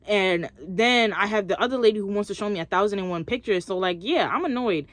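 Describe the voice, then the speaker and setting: A woman's voice: mid-range voice, fairly quick, no room sound. A young woman vlogging, chatting expressively as she tells a story and acts out what others said. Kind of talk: casual storytelling to camera.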